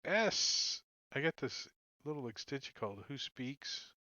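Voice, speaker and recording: A man runs a tabletop game in a loose, chuckling way, full of "like" and "uh". His voice is bright and forward. The sound is dry and slightly dull, a lo-fi recording. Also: mid-range voice, very animated, a little slow, dry recording. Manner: casual, chuckling, lots of "like" and "uh". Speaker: game master.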